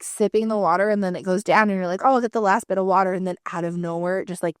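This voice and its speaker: A woman co-hosting a casual podcast chat, telling animated stories with lots of swearing and acted-out quotes. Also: lowish voice, clean tone, no room sound, studio quality. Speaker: podcast co-host.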